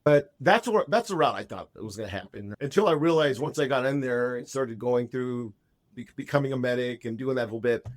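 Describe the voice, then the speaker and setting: A man in his fifties speaking as a podcast guest at an everyday middle pitch, chatty and rambling as he tells a story, doubling back on his words. The sound is close and dry, with no room around it. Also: expressive, fairly quick, dry recording. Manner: chatty, rambling, frequent restarts. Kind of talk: casual storytelling.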